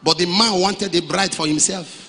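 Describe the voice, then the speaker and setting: A male pastor preaching a sermon, dropping to quiet storytelling and then rising to shouted lines. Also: high-pitched, steady tone, moderate pace. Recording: reverberant hall.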